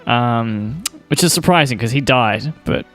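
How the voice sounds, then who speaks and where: A man's voice: mid-range voice, expressive, measured pace, fairly bright tone, faint music behind. A man co-hosting an improvised comedy podcast, rambling and hesitant, with wry humor and frequent laughs. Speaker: podcast co-host.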